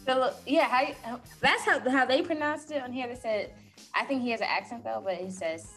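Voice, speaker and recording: A woman co-hosting a podcast in casual banter, lively and quick to laugh. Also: a little high, faint music behind. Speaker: podcast co-host.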